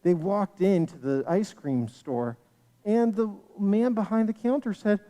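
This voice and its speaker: A storyteller narrating a children's story with an animated, sing-song delivery. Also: mid-range voice, a little slow, in a large hall. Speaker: storyteller at a congregation livestream. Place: synagogue sanctuary.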